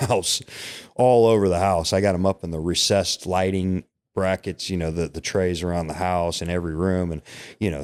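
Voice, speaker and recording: This is a middle-aged man with a notably deep, low voice, speaking as a podcast guest. He tells an emotional personal story in a candid, conversational way. He keeps checking that his listeners follow along. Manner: candid, emotional storytelling with frequent "right?" and "you know". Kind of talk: personal storytelling in casual interview.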